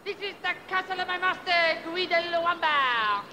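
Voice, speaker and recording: Brief: a jeering French guard on the battlements, high, bright and gravelly, put-on French accent, old film clip with faint hiss. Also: male voice, lively intonation, moderate pace, heavily acted. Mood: taunting. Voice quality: high, sharp, gravelly, taunting. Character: mocking male French castle guard.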